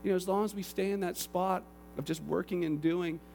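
Animated high-voiced male preacher. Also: a little fast, vocal fry, a little hiss or hum. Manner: animated storytelling, acts out characters' voices. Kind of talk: sermon.

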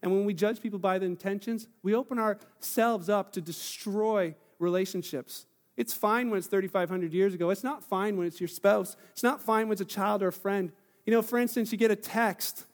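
A man preaching a sermon as pastor, animated and conversational, acting out quoted voices with frequent restarts. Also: sits high, moderate pace. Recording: long hall reverb.

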